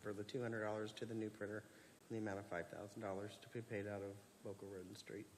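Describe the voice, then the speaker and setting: Conversational commissioner in a reverberant room. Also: male voice, fairly low pitch, level tone, fast, heavy background noise. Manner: conversational, repeats words when starting. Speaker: county commissioner. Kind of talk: casual talk at a public meeting. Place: county meeting room.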